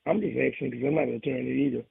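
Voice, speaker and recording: New orleans guy calling in, gravelly husky voice, rambles a lot, tinny phone sound. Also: mid-range voice, fairly even intonation, rapid-fire, no room sound. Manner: rambling, folksy, many restarts. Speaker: caller. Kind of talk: call-in radio chat.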